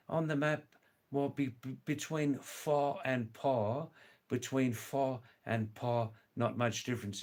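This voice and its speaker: An older man hosting a casual livestream, reading viewer comments aloud in an unhurried way, repeating words and spelling out names. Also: medium pitch. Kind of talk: casual chat.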